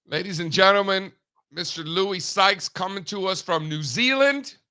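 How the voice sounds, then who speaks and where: A man hosting a live market show, brash and animated, swearing casually as he chats. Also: high-pitched, moderate pace, clean tone. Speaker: host. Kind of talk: casual livestream chat.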